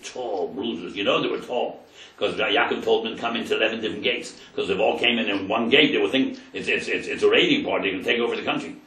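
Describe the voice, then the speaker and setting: Rabbi teaching a Torah class, dramatic storyteller, sharp bright tone, mic set back in a roomy hall. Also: male voice, medium pitch. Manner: dramatic storyteller, translating verse by verse. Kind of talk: Torah lesson retelling scripture. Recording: roomy sound from a distant mic.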